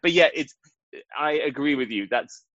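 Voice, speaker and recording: A man's voice: on the high side, lively intonation, moderate pace, fairly bright tone, no room sound, muffled recording. A man, a guest singer, talking in chatty, rambling casual chat with frequent laughs.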